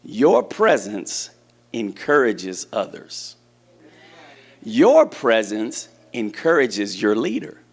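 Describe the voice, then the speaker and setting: A man's voice: on the low side, huge pitch swings, slow pace, creaky. A man preaching a sermon in a church, talking conversationally and asking the congregation questions. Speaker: church teacher.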